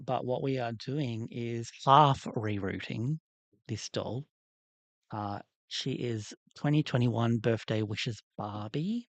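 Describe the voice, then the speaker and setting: A man's voice: medium pitch, no room sound, highs cut off. A man hosting a livestream, chatting casually in a rambling, candid way while he works on a doll. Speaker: livestream host.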